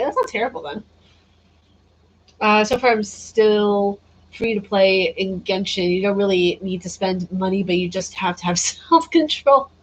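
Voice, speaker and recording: A woman's voice: mid-range voice, lo-fi sound. A tired woman chatting casually on a gaming livestream, reading and answering viewer comments and laughing often. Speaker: gaming streamer.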